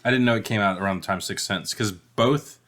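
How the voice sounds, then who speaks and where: A man co-hosting a casual movie podcast, talking in an animated way, swearing often and slipping into quick impressions of movie lines. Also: lowish voice. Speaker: podcast co-host; father of a young child.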